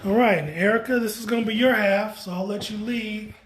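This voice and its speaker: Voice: mid-range voice, fairly even intonation, brisk, slight background noise. Enthusiastic gallery guide, casual walking-tour chatter, indoor exhibit. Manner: enthusiastic, chatty, playful exclamations.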